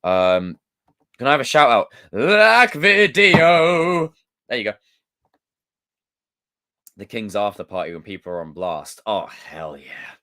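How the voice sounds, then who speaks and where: A man hosting a livestream, reading viewer comments aloud in a loose, excitable, joking way with some swearing. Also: low-pitched, unhurried, pauses often. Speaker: livestream host.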